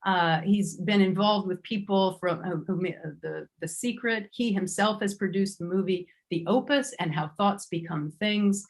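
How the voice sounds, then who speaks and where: A woman's voice: mid-range voice, normal speed, hardly any pauses. A woman hosting an online summit, introducing speakers in an effusive, chatty way with frequent self-corrections. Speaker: summit host.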